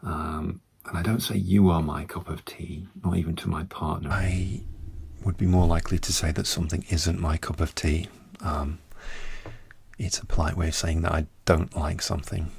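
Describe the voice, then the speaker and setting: British man, soft-spoken ASMR, deep voice, heavy gravelly fry, hushed and unhurried, close mic. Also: steady tone. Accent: British English. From Britain. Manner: slow, soft speech drifting into whispers. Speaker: ASMR creator.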